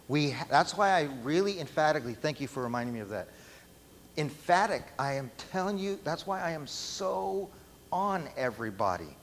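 A man preaching a sermon, emphatic and often asking the room questions. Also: medium pitch. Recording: long hall reverb, faint background noise.

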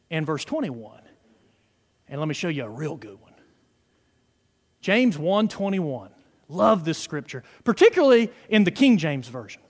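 A man preaching a fervent sermon, peppering his words with hallelujahs and praise God. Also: sits high. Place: church sanctuary. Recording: reverberant hall.

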